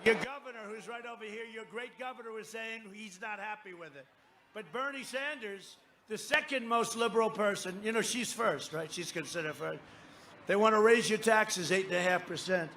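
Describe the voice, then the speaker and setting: A man's voice: sits high, normal speed, a little hiss or hum. Emphatic rambling rally speaker, man. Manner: rambling, emphatic, often shouting to a crowd. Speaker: political candidate at a rally. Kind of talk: campaign rally speech. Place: large live rally venue.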